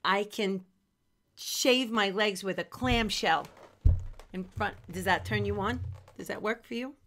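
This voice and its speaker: A woman with a New York City accent playing a deadpan East Coast contestant on a dating show in a comedy sketch. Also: mid-range voice, unhurried, slight background noise, lightly acted.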